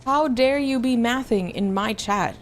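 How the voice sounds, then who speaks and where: A woman's voice: fairly high pitch, unhurried, slight background noise. A woman VTuber streaming a game, chatting playfully with her viewers and answering chat. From United States. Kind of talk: casual gameplay stream chat.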